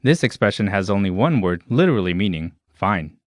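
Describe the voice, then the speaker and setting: A man with a very low voice reads a scripted language lesson in a clear, measured, instructional way. The recording is dry and close, with no room sound. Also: big pitch swings, no room sound. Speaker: lesson narrator.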